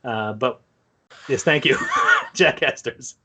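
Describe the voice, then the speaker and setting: A man from Canada hosting a casual podcast chat, talkative and quick to laugh at himself. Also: medium pitch, pushed and bright. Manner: talkative, chatty. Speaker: podcast host.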